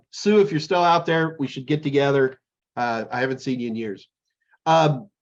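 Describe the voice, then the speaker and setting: A man's voice: on the high side, lo-fi sound. A middle-aged man co-hosting a casual chat, rambling and joking as he tells stories. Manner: rambling, jokey, animated storytelling. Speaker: podcast co-host.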